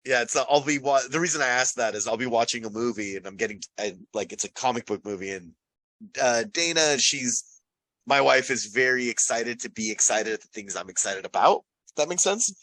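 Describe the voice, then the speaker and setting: A joking man co-hosts a casual podcast chat. His voice is bright and forward, recorded close and dry with no room sound. He teases the others easily. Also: mid-range voice, expressive, fairly quick, dry recording, rough recording. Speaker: podcast co-host.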